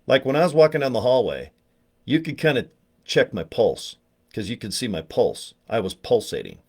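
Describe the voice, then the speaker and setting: A middle-aged man with a fairly low voice tells a long, digressive story from his youth. His humor is crude, and he keeps acting out the people he quotes. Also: darkish tone. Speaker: vlogger telling a personal story. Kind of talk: rambling comic storytelling.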